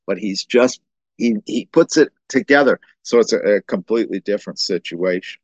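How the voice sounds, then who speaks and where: A man's voice: lowish voice, brisk, no echo. A man preaching a sermon as the pastor, talking animatedly with restarts and acting out quoted voices. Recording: dull muffled dry recording.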